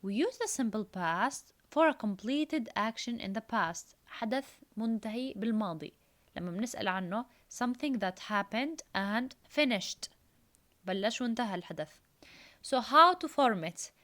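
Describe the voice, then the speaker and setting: Woman teaching English, fairly high voice. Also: expressive, fairly quick, a bit bright. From Jordan. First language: Arabic. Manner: reads exercises aloud, repeats key phrases, explains in Arabic. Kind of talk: recorded classroom lesson.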